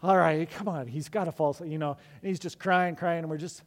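A middle-aged man preaches as a pastor, telling stories in a relaxed, conversational way with plenty of restarts. His voice sits a bit higher than most men's. The sound carries a long echo from a large hall. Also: fairly quick, hardly any pauses. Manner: conversational storytelling with many restarts. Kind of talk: sermon.

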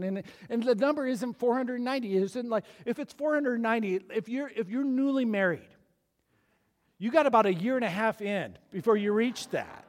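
A pastor with a high voice preaches in a church, lively and animated, slipping into the voices of the people he quotes. He breaks into chuckling asides to the congregation. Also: fairly quick, long reverb tail. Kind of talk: sermon.

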